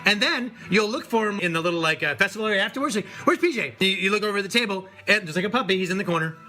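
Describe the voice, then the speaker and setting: A man in casual podcast banter, telling jokes and stories in an animated way. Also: high-pitched, rapid-fire, faint music behind. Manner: animated, joking storyteller.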